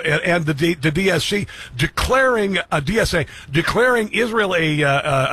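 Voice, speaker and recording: Bright, husky talk radio host man. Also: fairly high pitch. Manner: loud, laughing, quick asides, many fillers. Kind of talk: conservative talk radio chat.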